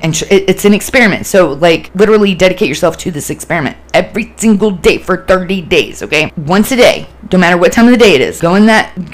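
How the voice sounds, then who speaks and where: Woman, podcast host, low voice, blunt, swears freely, earnest self-help talk. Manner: animated, acts out her own inner voice.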